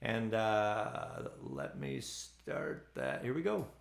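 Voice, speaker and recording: A man's voice: fairly low pitch, extremely slow, gravelly, reverberant. A man from Central Florida hosting a ukulele play-along show, chatting casually between songs with lots of ums and uhs. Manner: relaxed, rambling, many ums and uhs.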